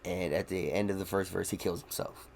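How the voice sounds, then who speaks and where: A man with a low, gravelly voice rambles through a casual podcast conversation. He laughs often and swears without a second thought. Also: fairly even intonation, fairly quick, a little mellow, slight background noise. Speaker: podcast co-host. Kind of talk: casual chat.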